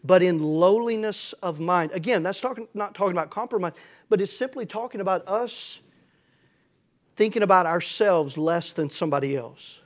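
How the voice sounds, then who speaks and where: A man's voice: high-pitched, animated, normal speed. A middle-aged man preaching a folksy, storytelling sermon that builds to emphatic passages. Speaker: pastor.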